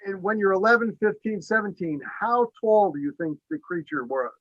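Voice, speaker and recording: Male host, eager and emphatic, higher pitch, dry dull audio. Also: normal speed, no echo. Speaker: podcast host interviewer. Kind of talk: interview questions. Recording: dull dry remote recording.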